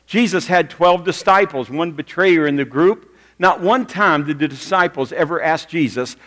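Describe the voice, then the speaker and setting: A male pastor with a fairly high, fairly bright voice, lively intonation, and normal speed gives a sermon to a congregation in a church sanctuary. He tells stories conversationally and asks the people direct questions, and the recording carries a church hall's long reverb.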